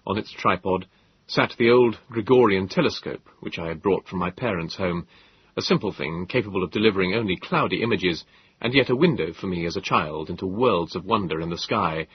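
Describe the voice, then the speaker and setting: A man narrating an audiobook in a measured, expressive storytelling manner. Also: low-pitched, slightly rough, no echo, dull audio. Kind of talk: scripted narration.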